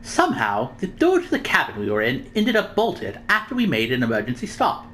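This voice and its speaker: A woman's voice: a bass voice, huge pitch swings, a little fast, a bit bright, slight background noise. A woman reading game dialogue and commenting casually, self-mocking and hesitant. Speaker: gaming streamer.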